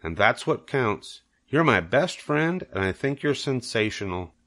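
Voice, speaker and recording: An older man voicing a gentle, wise lady spider who speaks fondly but firmly. The pitch rises above his own low voice, warm storybook reading with a clear, tender lilt. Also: sing-song, measured pace. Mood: kind. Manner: lifted, tender storybook delivery. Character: wise, kind female spider, gently firm.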